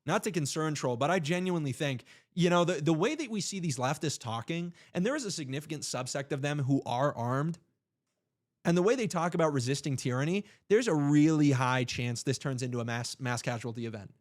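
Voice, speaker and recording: A man's voice: a little high, animated, fairly quick. A young man hosting a political livestream, speaking emphatically with rhetorical questions and playful asides. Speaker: livestream host.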